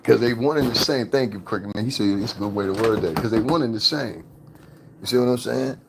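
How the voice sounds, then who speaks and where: A man's voice: mid-range voice, fast talker, creaky, background noise. A man hosting a livestream, talking crudely and casually to his chat, roasting viewers and laughing often. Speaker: livestream host. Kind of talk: casual profane commentary to chat.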